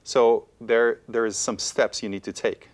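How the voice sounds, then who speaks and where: A man's voice: mid-range voice, level tone, measured pace. A man co-hosting a bilingual Spanish lesson for college television, patiently walking through the rules and checking in with "okay?". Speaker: Spanish teacher, co-host.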